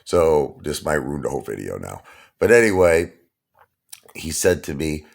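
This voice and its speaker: Talking tough in a relaxed monologue, this Brooklyn-accented channel host, a native of Brooklyn, New York, recounts a street story and keeps asking "okay?" and "you understand?" His gravelly bass voice has lively intonation and moves at normal speed.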